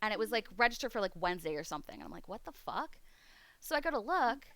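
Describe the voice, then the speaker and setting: A woman's voice: mid-range voice, sing-song, rapid-fire, fairly bright tone, dry recording. A woman streamer chatting casually, swearing freely as she rants. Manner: profane, ranting. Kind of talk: casual chat. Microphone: streaming mic.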